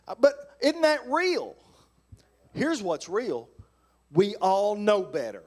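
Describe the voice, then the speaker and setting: A male pastor preaching on marriage, animated and acting out sarcastic replies. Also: sits high, moderate pace. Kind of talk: sermon on marriage.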